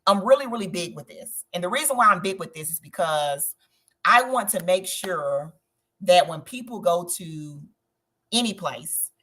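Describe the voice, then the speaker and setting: A woman hosting a live travel stream, chatting in an animated way and talking straight to her viewers. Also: on the low side, moderate pace. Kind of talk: casual livestream chat.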